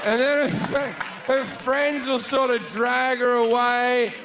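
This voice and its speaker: A man's voice: extremely high pitch, slow pace, hardly any pauses, a bit bright, a faint crowd, a little hiss or hum. A man with an Australian accent doing a stand-up set on stage, crude, sardonic and profane. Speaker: stand-up comedian. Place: theater stage before a live audience.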